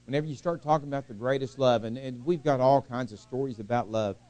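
A man's voice: mid-range voice, quick pace, a little mellow. A middle-aged man from the United States preaching a sermon in a folksy, chatty way, often asking the congregation questions.

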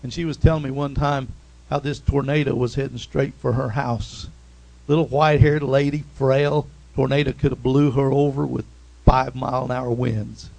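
A man preaching a sermon in an animated way, reading scripture and calling out amens. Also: mid-range voice, moderate pace, vocal fry, poor audio.

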